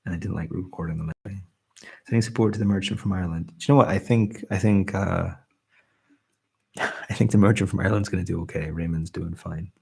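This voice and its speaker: A man born in England and raised in Scotland, hosting a late-night ASMR live stream, speaking softly and humbly as he reads out viewer comments. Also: deep voice, fairly even intonation, quick pace, vocal fry, breathy edge. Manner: soft, warm and humble, often trailing off. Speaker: ASMR channel host. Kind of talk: soft-spoken live stream chat, reading comments.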